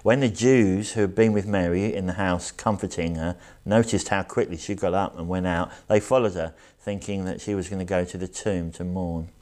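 Male preacher, low voice, earnest and reflective sermon delivery with weighty pauses. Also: fairly even intonation, a little mellow. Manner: earnest, reflective, slows down for emphasis. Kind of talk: sermon with scripture reading.

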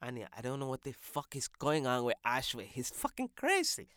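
A man doing a loud, brash, swearing host. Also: wildly swooping pitch, moderate pace, smooth, dry recording, studio quality. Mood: baffled. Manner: loud, brash, swears constantly, pitch jumps high. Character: brash loud profane male podcast host. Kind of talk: comic sketch.

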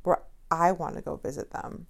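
A woman's voice: lowish voice, fairly even intonation, normal speed, creaky. A woman from Connecticut chatting casually, telling stories and acting out what people said. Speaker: podcast co-host, bartender. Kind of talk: casual chat.

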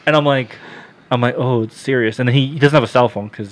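A man's voice: medium pitch, fast talker. Casting note: male podcast guest, blunt, profane storyteller who acts out every line of dialogue. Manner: profane, laughing, quotes himself and others. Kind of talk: casual storytelling.

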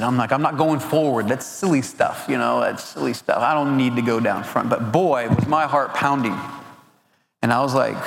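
A man's voice: mid-range voice, creaky. A man giving an earnest camp sermon, stumbling and repeating words as he goes. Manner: earnest, repeats words while searching for them. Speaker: camp speaker. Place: large hall at a family camp. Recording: roomy hall with long reverb.

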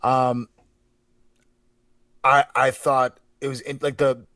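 A man's voice: medium pitch, flat delivery, takes it slowly, a bit bright, no echo. A man co-hosting a podcast, chatting casually with rambling, hesitant asides. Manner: rambling, hesitant, many fillers. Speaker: podcast co-host. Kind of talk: casual chat.

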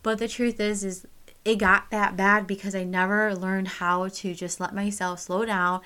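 A woman's voice: mid-range voice, little pitch movement, a little slow, bright, forceful tone, smooth. A young woman telling a personal story straight to camera, candid and casual, swearing freely and full of fillers. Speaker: vlogger.

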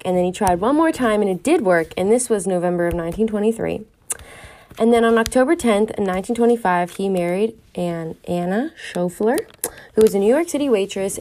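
Young woman podcast host, casual true-crime storyteller, chatty, thinks out loud with plenty of filler words. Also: medium pitch. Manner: chatty, wondering aloud, many fillers.

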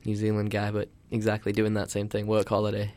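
A young man co-hosting a casual podcast chat, loose and quick to swear. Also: on the low side, monotone, darkish tone, no echo. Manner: loose, swears, laughs often. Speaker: podcast co-host.

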